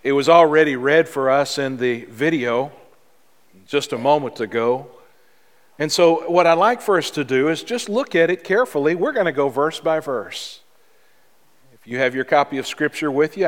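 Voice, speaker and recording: A man preaching a sermon as pastor, in a measured, earnest way with emphatic pauses. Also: fairly high pitch, lively intonation. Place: church sanctuary. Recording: long reverb of a large hall.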